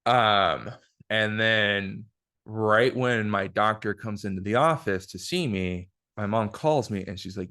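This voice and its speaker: A man with a low, gravelly voice talks through a personal story on a podcast. He speaks casually and frankly, with plenty of filler words and swearing. He is recorded on one shared mic in a room with his guest. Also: unhurried, sharp tone. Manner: frank, profane, filler-heavy retelling. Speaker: podcast host. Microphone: single shared microphone.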